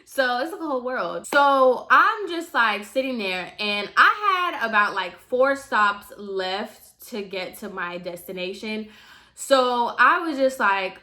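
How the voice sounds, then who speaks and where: A young woman tells a personal storytime in a casual, animated way, stacking up asides and fillers. Her voice is bright and forward. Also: a little high, slow. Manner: chatty, animated, fillers like "mind you". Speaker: vlogger.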